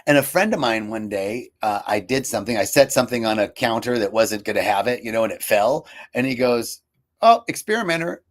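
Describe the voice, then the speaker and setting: A man's voice: lowish voice, fairly quick, few pauses. A man giving a casual live talk about healing, reflective and personal, with fillers and restarts, sometimes quoting others in livelier voices. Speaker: speaker for a healing retreat.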